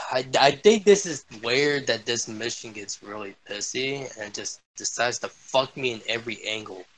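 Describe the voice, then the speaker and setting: A young man swearing and yelling his way through a shooter game as a gaming streamer. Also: mid-range voice, animated, normal speed. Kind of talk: angry gameplay commentary.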